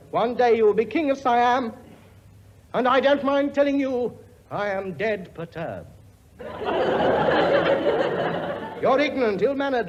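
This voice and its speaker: A man's voice: high voice, noisy background. A blustering, grumbling king. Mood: pompous. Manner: grumbling, sarcastic, working-class bluster. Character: blustering pompous male king, bossy and weary. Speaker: lead comic actor. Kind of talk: 1950s radio comedy acting. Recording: dull old broadcast recording with audience laughter. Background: studio audience laughing.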